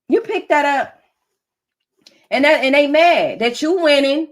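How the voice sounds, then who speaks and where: A woman's voice: high-pitched, lively intonation, normal speed, fairly bright tone. A woman giving an emphatic, preachy collective tarot reading, laughing often. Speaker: tarot reader.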